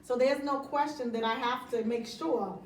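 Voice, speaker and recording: A woman's voice: on the high side, normal speed, roomy sound, distant mic, slight background noise, rough recording. A middle-aged woman talking about running her business in a casual interview, emphatic and motivational, often laughing. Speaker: interview guest, business owner.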